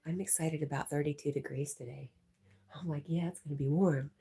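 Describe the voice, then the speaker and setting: A woman with a low, mellow and slightly husky voice hosts a relaxed livestream. She chats easily and reads viewer comments aloud, laughing often. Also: brisk. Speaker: livestream host reading chat. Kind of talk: casual live chat.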